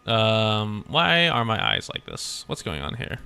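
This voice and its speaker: A young man streams as a VTuber, casually chatting and rambling as he reads a game story, constantly interrupting himself and getting easily distracted. His voice is lowish, gravelly, pushed and bright, with huge pitch swings, an unhurried pace, and a clean tone.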